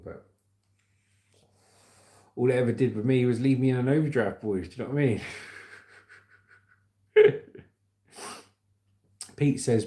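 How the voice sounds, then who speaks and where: A man's voice: medium pitch, dark tone, roomy sound. A man with a southern English accent hosting a casual news livestream, chatting with viewers and reading stories. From England. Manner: chatty, laughs often, addresses viewers as mate.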